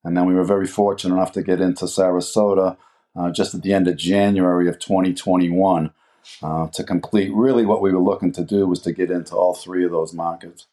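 A man in his sixties with a lowish, mellow voice, speaking as an interview guest. He rambles through his story with plenty of uhs and restarts. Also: level tone, brisk. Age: 60s. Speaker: guest, food business co-owner. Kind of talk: casual interview chat.

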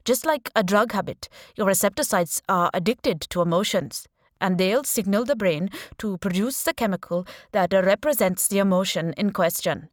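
A woman voicing a male scientist with a strong Indian accent, explaining with animated, filler-laced lecturing in an audiobook. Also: mid-range voice, normal speed, no echo, clean studio sound, lightly acted. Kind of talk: audiobook character voice.

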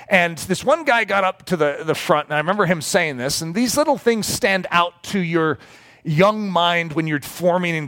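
A middle-aged man preaching in a storytelling way, animated and breaking into acted-out quotes. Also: on the high side. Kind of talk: storytelling sermon.

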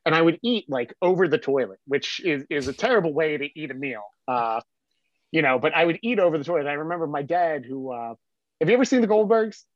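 A man's voice: on the high side, brisk, lo-fi sound. A man from South Jersey, a podcast guest, telling stories in a rambling way full of fillers. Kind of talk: casual storytelling.

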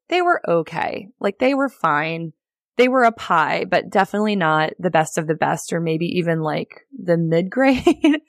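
Upbeat woman podcast host with a lower voice, chatty teaching tone, recorded dry and close. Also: no echo. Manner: chatty, upbeat, frequent "like" and laughs. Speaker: podcast host and real estate agent. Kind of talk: casual solo podcast teaching.

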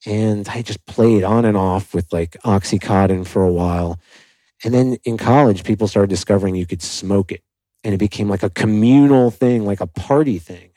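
A man's voice: on the low side, normal speed, dry recording, poor audio. A young adult man from South Florida, a podcast guest telling his story candidly and animatedly, with many "like" fillers. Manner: animated, acts out quoted dialogue, frequent "like" fillers.

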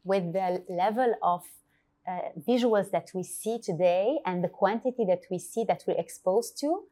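Animated woman telling a story. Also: mid-range voice, moderate pace. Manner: animated storytelling, acts out quotes, many fillers and restarts. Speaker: marketing agency founder, guest. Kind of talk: casual podcast interview.

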